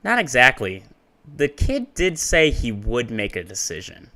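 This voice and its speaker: A man voicing a calm team executive who defends a deal in a measured, reassuring way. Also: mid-range voice, full character voice.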